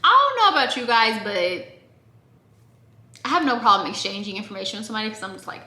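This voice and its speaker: A young woman from Oregon telling a storytime to her viewers in a chatty, animated way, speaking straight to the audience. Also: medium pitch, quick pace. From Oregon, USA. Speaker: vlogger. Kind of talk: casual storytime. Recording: echoey room.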